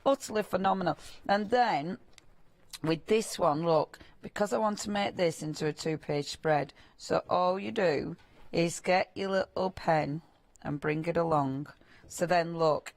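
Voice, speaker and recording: Northern English woman, lowish voice, chatty craft demonstrator on live shopping TV. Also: no echo. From Northern England. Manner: chatty, reminiscing, quick asides with laughs.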